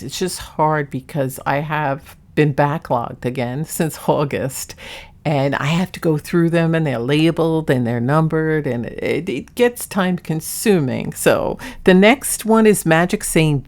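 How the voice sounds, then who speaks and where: A woman's voice: low-pitched, a little slow, a little mellow. A woman hosting a paranormal vlog, introducing clips in casual, earnest, chatty narration with a light laugh now and then. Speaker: paranormal vlogger.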